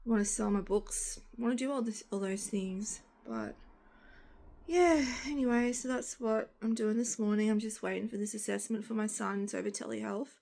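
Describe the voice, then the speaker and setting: A woman's voice: medium pitch, fairly even intonation, normal speed, gravelly, dark tone. A young Australian woman chatting frankly in a vlog, tired and groggy, rambling in long run-on sentences. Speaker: vlogger. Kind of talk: casual chat.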